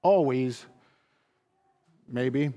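A man's voice: mid-range voice, very slow, mellow. A man pastor delivering a sermon, driving points home with emphatic, repeated phrases. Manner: emphatic, repetitive preaching cadence.

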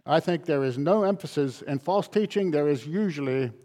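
A pastor speaks at a moderate pace in a mellow, slightly high voice. His sermon builds through emphatic lines he repeats again and again.

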